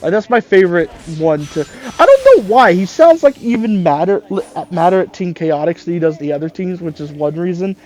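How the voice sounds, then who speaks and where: A gaming commentator chatting loosely over gameplay, with a lively voice that rises and falls a lot. The delivery is casual and self-deprecating, and the swearing comes out easily. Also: mid-range voice, a little fast, few pauses. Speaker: let's play commentator.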